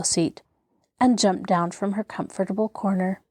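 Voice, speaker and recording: A woman's voice: medium pitch, dry recording, clean studio sound. Woman reading a classic novel aloud. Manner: measured, expressive reading. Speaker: host and audiobook narrator. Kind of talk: scripted narration of a classic novel.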